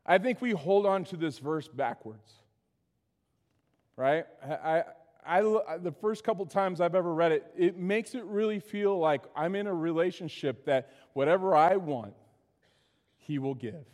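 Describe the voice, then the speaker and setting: High-voiced man preaching in a reverberant hall. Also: a little slow, darkish tone. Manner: conversational preaching, frequent "right?" asides. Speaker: pastor. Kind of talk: sermon.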